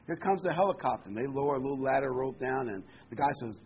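A man's voice: medium pitch, animated, fast talker, hardly any pauses, husky. Folksy preacher man, slightly dull recording. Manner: folksy, with corny jokes and many ums. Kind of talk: sermon.

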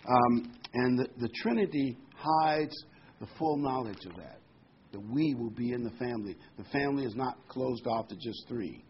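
A man's voice: medium pitch, normal speed, a little hiss or hum. A man preaching a sermon in a conversational teaching manner, reading scripture and adding asides. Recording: dull lo-fi recording.

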